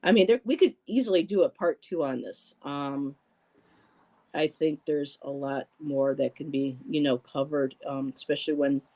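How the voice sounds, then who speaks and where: This livestream host has a low, mellow voice and a moderate pace, heard through a rough recording. Keeping things casual, she reads out comments and names the people she greets, with lots of ums and restarts.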